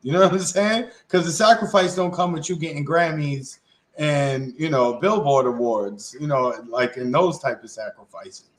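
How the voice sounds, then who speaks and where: A man from Queens, co-hosting a political podcast in a blunt, profane, animated way. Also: fairly high pitch, normal speed, poor audio. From Queens, New York. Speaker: co-host. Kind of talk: casual political podcast chat.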